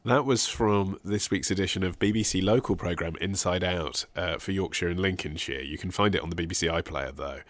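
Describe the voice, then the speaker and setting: A man's voice: low-pitched, a little fast, few pauses. A man hosting a podcast discussion, asking questions and steering the panel. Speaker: podcast host.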